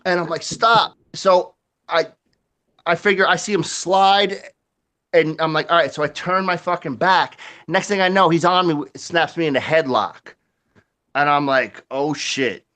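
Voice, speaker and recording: A man with a slightly high voice tells a rowdy story, swearing freely and acting out the sound effects and other people's voices. He keeps it loose and conversational, with lots of restarts. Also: a little slow. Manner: animated, swears a lot, acts out quotes and sound effects. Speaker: guest storyteller. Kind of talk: casual profane storytelling.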